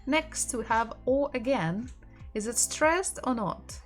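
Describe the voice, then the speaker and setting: A woman's voice: fairly high pitch, expressive, slow pace, faint music behind. A woman teaching a live-streamed Russian lesson, patiently spelling out words letter by letter and reading viewers' messages aloud.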